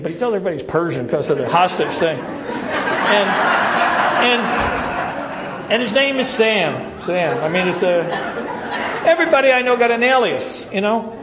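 High-voiced man telling funny stories. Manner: humorous, animated storyteller. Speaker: recovery speaker. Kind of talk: storytelling talk to a meeting. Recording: roomy, muffled hall recording with audience.

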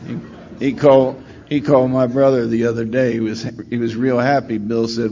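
A middle-aged man at a recovery meeting telling his story in a wry, self-deprecating way, rambling with many pauses. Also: medium pitch, flat delivery, dark tone. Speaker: speaker sharing at a recovery meeting. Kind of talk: storytelling share. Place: meeting room. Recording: slightly dull recording with faint room noise.

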